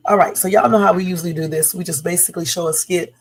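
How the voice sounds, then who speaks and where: Woman host, gravelly morning voice, casual chatty reaction streamer. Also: lowish voice, steady tone, fast, low-quality recording. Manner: chatty, loose, with fillers and Southern-style talk. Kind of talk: casual livestream chat.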